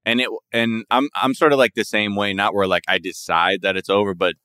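Low-voiced man swearing in casual chat. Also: brisk, clear, resonant tone, dry recording, clean studio sound. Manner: relaxed, swears often, lots of fillers.

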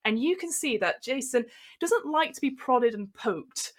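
A woman's voice: sits high, animated, unhurried. A woman narrating as game master in a comedic tabletop game, chatty and giggly with lots of fillers.

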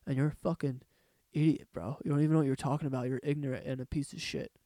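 A man mimicking an angry male fan who hurls insults in a low, fast mutter. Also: steady tone, dark tone, dry recording, clean studio sound, natural voice. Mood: scornful.

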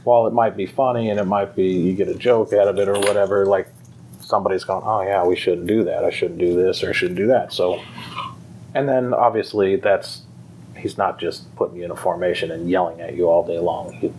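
A man's voice: low voice, darkish tone, a little hiss or hum, poor audio. A man who runs a fire department pipe band school, talking casually and rambling with many fillers and restarts. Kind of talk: casual conversation.

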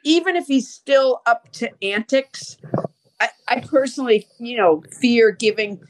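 Older female podcast host, wry and rambling, slightly high voice. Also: expressive, measured pace. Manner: wry, rambling, self-deprecating. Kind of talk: casual chat.

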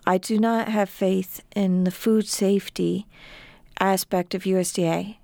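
A woman's voice: mid-range voice, fairly even intonation, vocal fry, dark tone, no echo. A middle-aged woman, a farmer and author, speaking emphatically as a guest in a radio interview. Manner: emphatic, intense, pauses and restarts when emotional.

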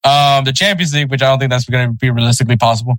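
A man co-hosting a casual soccer podcast, relaxed and easygoing, chuckling over tricky team names. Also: medium pitch, racing, no room sound, low-quality recording. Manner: laid-back, chuckles over name pronunciations. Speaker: podcast co-host.

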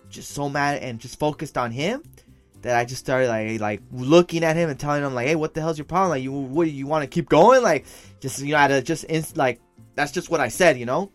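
Young guy rattling off a story fast, lots of slang and swearing, drops spanish phrases, faint music behind. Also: mid-range voice. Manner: slangy and profane, mixes in Spanish phrases, says "fool" often. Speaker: podcast co-host telling a story. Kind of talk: casual storytelling chat.

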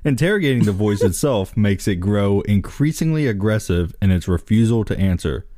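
A man with a low, mellow voice reads a text aloud to a friend and jokes about it. His pitch moves around a lot, and he keeps slipping into laughter. The sound is dry and close. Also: animated, moderate pace, no echo. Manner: giggly, breaks into laughter while reading. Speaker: co-host reading an entry aloud. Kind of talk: casual chat, reading text aloud with commentary.

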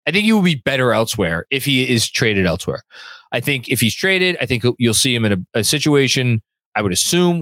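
A man's voice: mid-range voice, a bit bright, no room sound. A man hosting a sports fan podcast, reading viewer comments aloud in a rambling way and often repeating words while he thinks. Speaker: podcast host.

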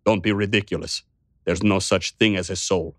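A man's voice: sits low, fairly even intonation, normal speed, no room sound, clean studio sound, close to an everyday voice. A man voicing an irritable, evasive old tycoon who mutters his lines in an audiobook. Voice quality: muttering, testy.

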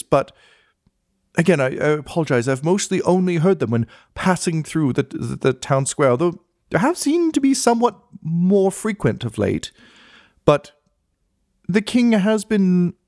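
A man's voice: a little high, darkish tone, dry recording, studio quality, pitched above the performer's own voice. A game master voicing a fussy, stammering male clerk who serves a lord, deferential to his master and pompous about those beneath him. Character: fussy, snobbish male clerk servant, adult. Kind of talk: tabletop role-play.

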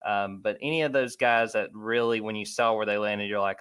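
A man's voice: fairly low pitch, fairly even intonation, fairly bright tone, smooth. Chatty man hosting a sports talk show. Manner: conversational, lots of fillers, lists names quickly. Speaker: sports podcast host.

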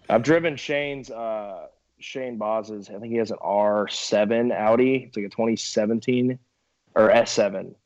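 A man's voice: fairly low pitch, measured pace, a little mellow, dry recording, lo-fi sound. A young man talking casually as a guest, laid-back and laughing often, with many fillers. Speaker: minor league baseball pitcher, guest. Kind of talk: casual podcast chat.

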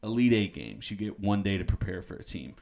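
A man's voice: low-pitched, very animated, fairly quick, gravelly, a little mellow. A man hosting a casual sports podcast, upbeat and joking as he leads the segments. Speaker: podcast host.

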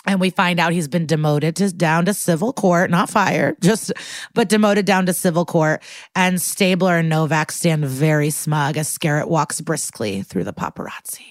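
A woman in casual podcast chat, recapping a story and jumping her pitch up when she acts out lines. Her voice sits a bit low for a woman. The sound is close and dry, with no room around it. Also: normal speed, no echo. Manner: animated, acts out quotes with pitch jumps. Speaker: podcast co-host.

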